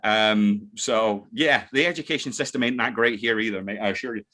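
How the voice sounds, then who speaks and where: A man's voice: on the low side, bright, forceful tone. A man with a mixed Scottish accent, hosting a casual podcast chat full of joking and swearing. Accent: Scottish, mixed from living in many places. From Scotland. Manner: swearing, joking, quick banter with restarts. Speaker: podcast host. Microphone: desk mic.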